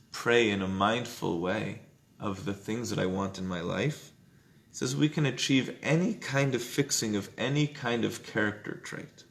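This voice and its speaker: A man teaching an informal Jewish text study class, conversational, often checking in with "right?" and loudly acting out inner voices. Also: lowish voice, creaky.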